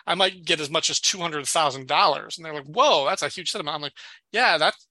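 A man's voice: fairly high pitch, fast, bright, forceful tone, dry recording. A man co-hosting a podcast, chatting casually about a sitcom episode, laughing often and retelling scenes with quoted lines. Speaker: podcast co-host.

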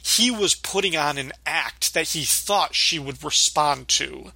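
Man with a very bright, dry voice. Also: on the high side, a little slow, creaky, no echo. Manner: relaxed, laughs often, quotes characters. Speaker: podcast co-host. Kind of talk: casual chat reviewing a sitcom episode.

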